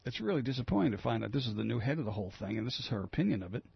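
A man's voice: mid-range voice, big pitch swings, rapid-fire, vocal fry, slightly rough, no room sound, highs cut off. A man hosting a talk radio show, reading news items and riffing on them in a rambling, opinionated way. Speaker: local radio host. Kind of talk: casual talk radio commentary.

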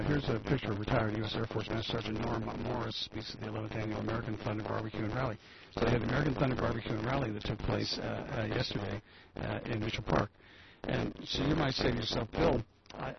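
A man's voice: on the low side, gravelly. A man hosting a talk show, rambling through news items with chatty asides and reading bits aloud. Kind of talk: casual news commentary. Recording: dull lo-fi recording with loud background hiss.

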